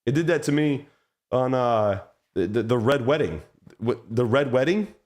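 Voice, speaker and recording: A man hosting a casual chat, telling excitable stories and swearing a lot. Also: mid-range voice, moderate pace. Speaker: host.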